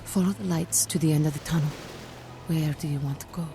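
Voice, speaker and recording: A woman's voice: sits low, fairly even intonation, brisk. An actress playing a riddling, mysterious female fortune teller in a video game. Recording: clear music behind.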